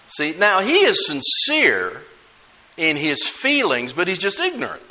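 Middle-aged preacher guy, animated and bright, chatty sermon in an echoey church. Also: on the high side, moderate pace. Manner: emphatic, conversational, with humorous asides. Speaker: pastor. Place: church sanctuary.

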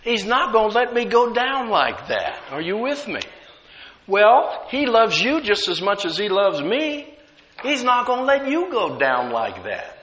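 A man's voice: sits high, sing-song, measured pace, a bit bright, big-room sound. A man preaching a sermon as pastor, conversational, with frequent rhetorical questions to the congregation.

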